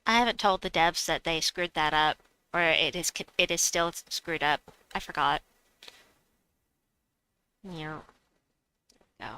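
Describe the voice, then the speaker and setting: Bright, chatty woman streamer. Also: low voice, a little slow, pauses often, smooth, no room sound, low-quality recording. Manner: chatty, reads chat aloud, laughs often. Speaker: game streamer. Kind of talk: casual live-stream chat.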